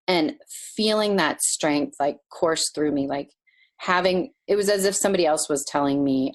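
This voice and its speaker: A woman guest telling a personal story in a podcast interview, animated and emotional, laughing now and then. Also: sits low, moderate pace.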